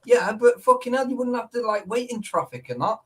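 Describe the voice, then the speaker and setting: A man's voice: very high voice, very animated, brisk. A man chatting casually on a live stream, swearing freely, laughing a lot and saying "mate" in nearly every line. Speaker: urban explorer on a live stream. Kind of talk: casual banter.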